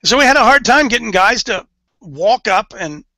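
A man's voice: high-pitched, animated, moderate pace, bright, forceful tone, dry recording, rough recording. A man leading an informal sermon for a men's group, folksy and emphatic, repeating his key phrases for weight. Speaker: men's ministry leader.

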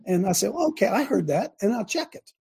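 A man's voice: high-pitched, very animated, quick pace, creaky, a little mellow, slightly rough. An older man hosting a show, preaching in a fervent, rambling way full of restarts. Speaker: host and preacher. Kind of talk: preachy livestream talk.

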